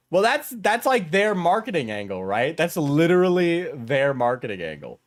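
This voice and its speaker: A man's voice: on the high side, huge pitch swings, takes it slowly. A male streamer riffs through casual reaction commentary in a slightly raised voice. He swears freely, lays on the sarcasm, and laughs between his points. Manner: sarcastic, crude, laughing often.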